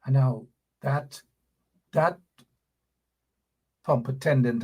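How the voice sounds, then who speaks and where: Guy hosting a political livestream, kinda high voice, fired up and indignant, repeats himself a lot. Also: animated, unhurried, a bit bright. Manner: emphatic, repetitive and indignant. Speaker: host.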